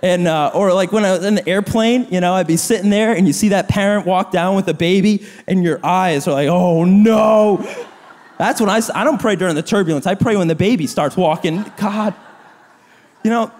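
A man in his thirties preaching a sermon to a church, animated and self-deprecating, acting out quoted gossip. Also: sits high, fairly quick. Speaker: pastor. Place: church auditorium. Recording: long reverb of a large hall.

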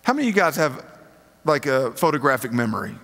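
A man's voice: mid-range voice, big pitch swings, fast talker, fairly bright tone. A male preacher gives a conversational sermon, reading scripture aloud and asking his listeners casual rhetorical questions. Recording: long reverb of a large hall.

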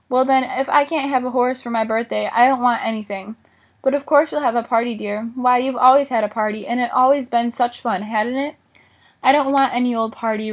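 A woman reading a children's novel aloud, giving the dialogue light character inflection. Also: a little high. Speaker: audiobook reader. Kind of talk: scripted narration of a children's novel.

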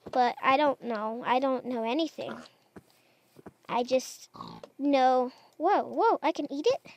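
A woman with a high voice narrates her game in a slow, unhurried way. She chats and wonders aloud, coaxing the animals along, with a faint hiss of noise behind her. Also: darkish tone, lo-fi sound. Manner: chatty, unsure, talks to animals in game. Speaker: gamer. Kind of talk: casual Minecraft let's play commentary.

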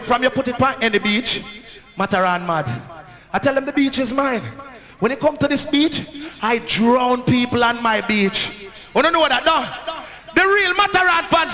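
Jamaican man shouting over the music. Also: very high voice, in a large hall. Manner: shouting, boastful patois banter. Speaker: sound system selector. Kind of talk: hyping a live dancehall crowd over music.

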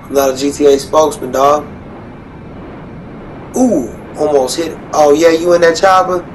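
A man's voice: a little high, fairly even intonation, normal speed, a little hiss or hum, low-quality recording. Cocky trash-talking man, street slang. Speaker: gamer trash-talking over voice chat. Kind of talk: casual trash talk while gaming.

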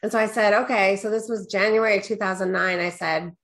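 A middle-aged woman speaks as a guest business coach in a relaxed interview. She sounds candid and animated and leans on little check-ins with the listener. When she quotes herself, her voice lifts. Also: fairly quick, vocal fry. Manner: animated storyteller, quotes herself with rising pitch; peppers talk with "right?" and "da, da, da". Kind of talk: casual storytelling interview.

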